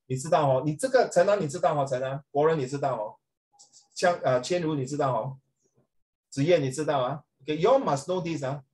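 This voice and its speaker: A man's voice: on the high side, fast, darkish tone. A middle-aged man, teaching a class in a rambling, chatty way, switching into Mandarin and calling on students by name. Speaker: secondary school English teacher. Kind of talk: classroom lecture, talking off the cuff.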